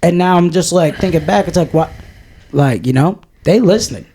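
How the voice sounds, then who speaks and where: A man's voice: fairly high pitch, moderate pace, mellow, husky. A man co-hosting a podcast in casual chat, talking in a profane, rambling, jokey way. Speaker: podcast co-host.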